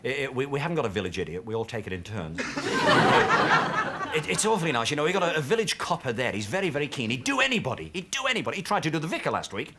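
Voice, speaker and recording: A man's voice: mid-range voice, big pitch swings, heavy background noise. A man in his thirties doing a chatty stand-up routine in a TV studio. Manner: chatty, quick with voices. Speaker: stand-up comedian. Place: TV studio with live audience. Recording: 1970s TV studio with audience.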